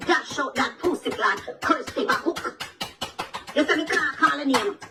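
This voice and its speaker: A woman with a Jamaican accent rants at someone, taunting and cursing as she shouts with mocking laughter. Her voice sits high. The recording carries a lot of background noise. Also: lively intonation, normal speed, far from the mic. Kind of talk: angry social media rant.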